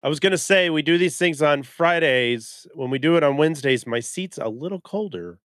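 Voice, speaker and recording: Man, podcast co-host, lively pitch, dry wisecracks, dry close sound, faint music. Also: normal speed, no room sound. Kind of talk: casual chat.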